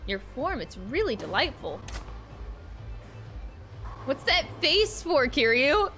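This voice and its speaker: A woman streaming a video game, chatting casually and excitably with her viewers and reacting out loud to the game. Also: high voice, over music. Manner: excitable, talks fast to her chat, frequent exclamations. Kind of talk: casual gameplay commentary.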